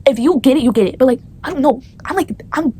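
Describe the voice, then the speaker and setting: A woman's voice: high voice, expressive, quick pace, dark tone, slightly rough. A young female vlogger telling a storytime to the camera in a rambling, indignant way, with many fillers.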